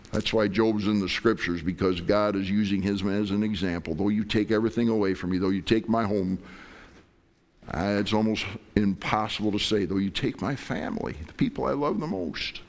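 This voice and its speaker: A man's voice: on the low side, animated, moderate pace. A middle-aged man preaching a sermon as pastor, impassioned, acting out prayers and God's replies.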